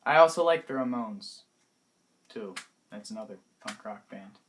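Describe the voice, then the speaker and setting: A man's voice: on the low side, expressive, noisy background. Hesitant young man chatting casually. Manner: hesitant, many pauses and restarts, trailing off softly. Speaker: vlogger. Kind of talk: casual vlog about favorite music.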